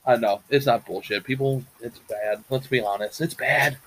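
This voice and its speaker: A man's voice: medium pitch, moderate pace, fairly bright tone, slightly rough. A man co-hosting a casual talk show, rambling and swearing bluntly. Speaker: podcast co-host. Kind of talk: casual chat.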